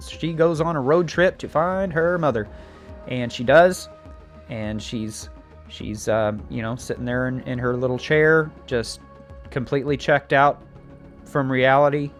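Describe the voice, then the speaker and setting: A man telling a show's plot in a casual recap, animated, with many fillers and restarts, acting out the scenes. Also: mid-range voice. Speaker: show recap host.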